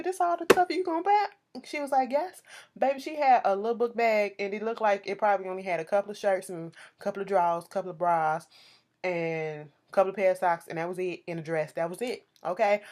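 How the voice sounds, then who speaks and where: A woman giving a casual, profane TV recap, sassy and animated, talking straight to her viewers. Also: mid-range voice. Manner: sassy, animated, swears freely, addresses viewers directly. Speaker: TV show recapper.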